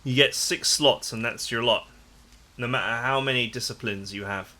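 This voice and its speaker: A man's voice: medium pitch, normal speed, sharp tone. A man hosting a let's play, reading game text aloud dramatically and chatting casually about the game with lots of "like". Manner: casual asides full of "like", dramatic read-aloud of game prose.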